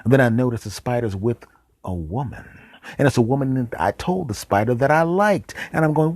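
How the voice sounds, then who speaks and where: A man hosting a podcast, telling a comic story in a deadpan way with dramatic pauses and whispered asides. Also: mid-range voice, no echo. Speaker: podcast host.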